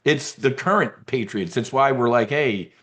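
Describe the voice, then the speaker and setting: A man's voice: medium pitch, expressive, moderate pace, fairly bright tone. A man hosting a members' briefing, ranting about politics in a combative, profane way and mocking opponents in put-on voices. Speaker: trading newsletter host.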